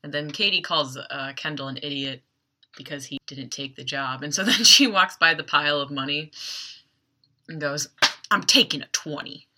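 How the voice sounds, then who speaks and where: A woman hosting a podcast, recapping a TV episode in a chatty, wry way with quick asides. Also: low voice, bright, forceful tone. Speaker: podcast host.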